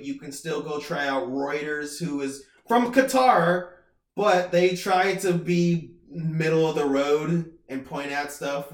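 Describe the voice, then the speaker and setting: A woman rambles through casual podcast chat, salty and quick to laugh. She slips into mocking voices for the people she talks about. The room around her rings with echo. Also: sits low. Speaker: podcast co-host. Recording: echoey room.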